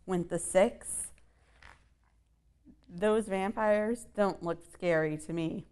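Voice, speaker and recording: A woman's voice: fairly low pitch, clear, resonant tone. A woman reading a rhyming picture book aloud to children. She reads in a sing-song way and stops to ask her listeners questions and add playful asides.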